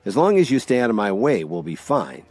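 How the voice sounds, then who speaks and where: A man voicing a calm, quiet young man who keeps his distance. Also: lowish voice, brisk, slightly rough, dry recording, soft background music, voice pushed up.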